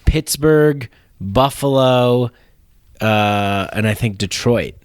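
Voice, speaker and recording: A man's voice: medium pitch, slow pace, clear, resonant tone, dry recording, clean studio sound. A man hosting a comedy podcast in casual chat, rambling and profane with many restarts. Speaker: podcast host.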